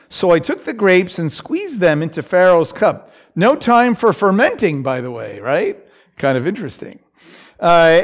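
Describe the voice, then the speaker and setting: A man gives a relaxed, conversational Bible lesson. His voice sits fairly high and moves through a lively, expressive range while he speaks at an unhurried pace. He fills the gaps with casual asides and briefly takes on the voices in the passage. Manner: unhurried, lots of fillers and asides, voices scripture quotes. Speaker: Bible teacher.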